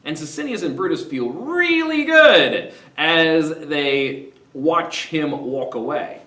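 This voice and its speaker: A man hosting a casual, animated play summary, retelling scenes with quick put-on voices. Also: a little high. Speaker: literature discussion host. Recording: roomy echo, mic at a distance.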